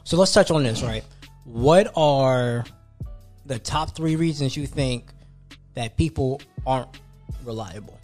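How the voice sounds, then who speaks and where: A man's voice: medium pitch, measured pace, long pauses, a little mellow, soft background music. A young man in casual podcast chat, talking earnestly and with slang, often checking in with "you know what I'm saying". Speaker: podcast co-host.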